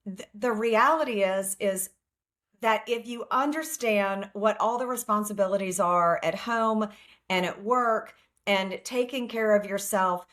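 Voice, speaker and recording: A woman's voice: medium pitch, fairly bright tone. A middle-aged woman, a family law attorney and author, speaking frankly as a guest in a casual interview and telling stories plainly.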